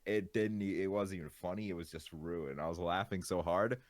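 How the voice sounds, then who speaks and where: A young man streaming, chatting casually in a laid-back, rambling way, his voice jumping high with laughter when he is outraged. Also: fairly even intonation, brisk, no echo. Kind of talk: casual chat.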